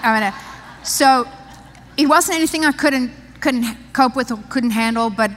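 A woman's voice: sits high, moderate pace. A woman pastor from South Africa, telling a personal story in a chatty sermon, laughing often and restarting her sentences. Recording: long reverb of a large hall.

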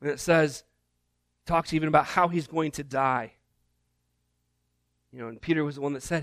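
A man giving a sermon as a guest preacher, telling the story in an animated, conversational way with casual asides. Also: a little high, moderate pace, pauses often, no echo.

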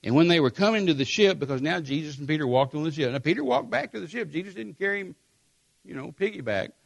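A man preaching a sermon, telling a scripture story with emphatic repetition and animated storytelling. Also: a little high, quick pace, vocal fry.

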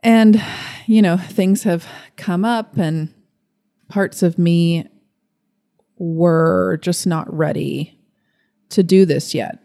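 A young adult woman hosting her own wellness podcast, talking in a gentle, earnest way with open excitement. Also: lowish voice, extremely slow, long pauses, dry recording. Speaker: podcast host. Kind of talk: casual solo podcast talk. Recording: dry close recording with faint music.

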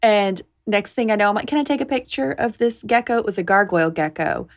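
A woman's voice: mid-range voice, animated, fast. A woman hosting a podcast, chatty and enthusiastic in casual conversation. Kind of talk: casual chat.

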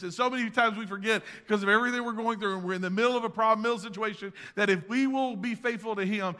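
A man preaches a sermon in a church sanctuary, his voice ringing with a long hall reverb. His tone is bright and fairly high, and he moves between loud, driving emphasis and quiet, hushed asides. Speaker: pastor.

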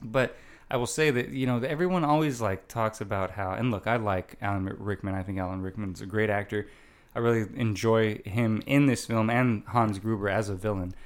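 A man's voice: lowish voice, fairly quick. A man in casual movie chat as a podcast co-host, rambling with many fillers and restarts.

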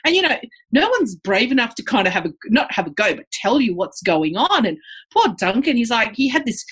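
Australian woman, husky voice, chatty podcast guest, animated storytelling. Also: a little high, brisk. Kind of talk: casual conversational interview.

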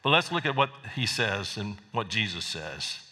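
A man's voice: lowish voice, very animated, normal speed, pushed and bright. A man preaching a sermon as pastor, talking conversationally and often repeating words as he goes. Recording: long reverb of a large hall.

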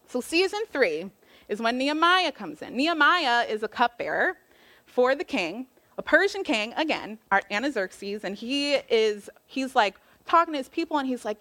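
A woman's voice: on the high side, a bit bright. Chatty woman preaching in slangy style. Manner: chatty, slangy, acts out quotes with voices. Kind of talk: casual sermon retelling a Bible story.

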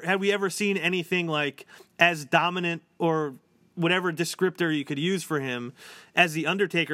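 Guy on a podcast, kinda high bright voice, dry close sound, lots of likes and ums. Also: no room sound. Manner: chatty, many fillers and restarts. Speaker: podcast co-host. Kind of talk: casual chat.

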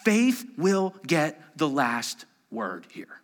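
A man preaching a sermon, dropping to hushed whispers and rising to loud, pleading bursts. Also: fairly high pitch, sing-song, extremely slow, long reverb tail. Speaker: pastor.

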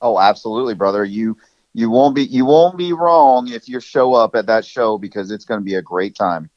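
A man co-hosting a casual podcast, telling stories in an excitable, slangy way. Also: fairly low pitch, normal speed, no room sound, muffled recording. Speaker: podcast co-host.

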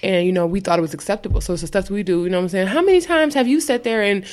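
A woman on a casual podcast delivers a heated rant, her voice sitting at a middle pitch for a woman. She talks emphatically and swears freely, pressing each point hard. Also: rapid-fire, a little mellow. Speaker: podcast co-host. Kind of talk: ranting casual podcast talk.

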